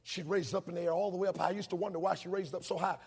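A man in his thirties preaching a sermon, telling stories animatedly and shouting out his mother's lines. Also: sits high, fairly even intonation, rapid-fire, slightly rough. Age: 30s. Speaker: pastor. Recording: long hall reverb.

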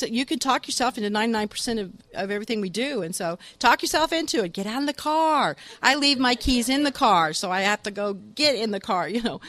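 A grandmother in her fifties giving a lively, chatty sermon with humorous stories, often breaking into laughter. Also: mid-range voice, dry recording. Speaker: church speaker.

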